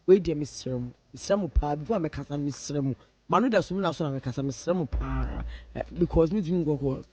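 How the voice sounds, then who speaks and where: A woman's voice: deep voice, fairly quick, darkish tone, a little hiss or hum. A woman radio host with a Ghanaian accent, chatting casually and playfully mimicking her friends' voices. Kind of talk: casual radio talk mixing English and Twi. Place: radio studio.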